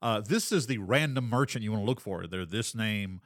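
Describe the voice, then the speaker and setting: A man's voice: fairly low pitch, animated, no echo, clean studio sound. A man co-hosting a podcast as a game master, chatting casually and rambling with lots of fillers. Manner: rambling, filler-heavy, drops into quick character voices. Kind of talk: casual chat.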